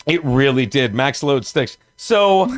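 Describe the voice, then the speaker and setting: A man's voice: medium pitch, expressive, slow, dry recording. A man in his fifties from South Jersey, telling a rambling story on a podcast and laughing as he goes. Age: 50s. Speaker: comedian guest.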